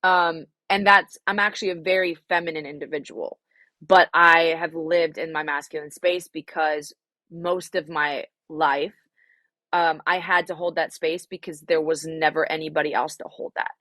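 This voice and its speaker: A woman's voice: low-pitched, fairly even intonation, moderate pace, pushed and bright, dry recording. A young adult woman, a singer-songwriter, answering interview questions frankly and reflectively, with many fillers and some swearing.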